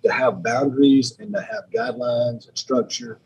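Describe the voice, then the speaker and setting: A man's voice: medium pitch, fairly even intonation, moderate pace, a little mellow, slightly rough, poor audio. A man, a podcast guest telling stories in a rambling, chatty way. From Alabama. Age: 30s. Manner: rambling, repeats words, laughs often. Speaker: podcast guest, sheriff's lieutenant. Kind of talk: casual storytelling chat.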